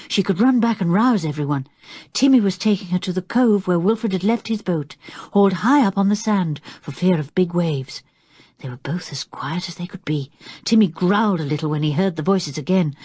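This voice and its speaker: Expressive woman reading a children's story. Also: on the low side, breathy edge, dry recording, clean studio sound. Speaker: audiobook narrator. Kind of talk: scripted narration.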